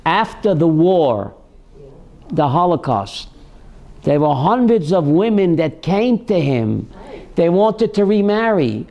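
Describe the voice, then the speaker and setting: A man's voice: a little high, big pitch swings, slow pace, gravelly, a little mellow, dull audio. A man, a rabbi and host, tells a story on a call-in show, repeating key phrases for emphasis.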